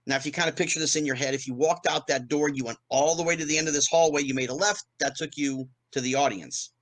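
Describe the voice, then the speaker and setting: A middle-aged man, a podcast guest, telling anecdotes in a lively way and acting out the voices of people he quotes. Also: fairly high pitch, quick pace, poor audio. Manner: animated, acts out quoted voices. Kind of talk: anecdotal storytelling.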